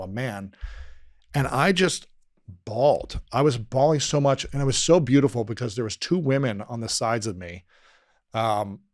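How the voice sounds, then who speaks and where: A man, a podcast guest, telling a personal story in conversation, earnest and emotional, often dropping quiet and slowing down. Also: medium pitch, no echo, studio quality.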